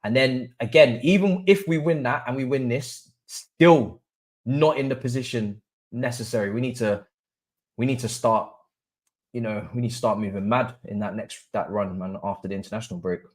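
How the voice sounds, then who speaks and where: A young man hosting a live football watch-along, swinging between low murmurs and excited chanting. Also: normal speed. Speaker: livestream host.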